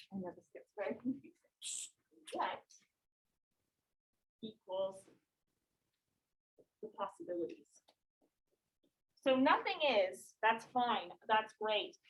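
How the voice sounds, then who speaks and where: A woman's voice: on the high side, highs cut off. Casual woman teacher lecturing a class. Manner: casual, explains with many "like"s and questions to the class. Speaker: high school English teacher.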